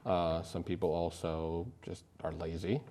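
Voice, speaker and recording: A man's voice: deep voice, level tone, measured pace, mellow, a little hiss or hum. A young college man on a student panel who gives his opinions plainly, with frequent "uh"s. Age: young adult. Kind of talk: casual panel discussion.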